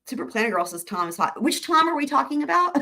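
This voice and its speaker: A woman's voice: high-pitched, very animated, fast, pushed and bright. A woman hosting a live stream in casual chat, rambling, laughing often and reading comments aloud.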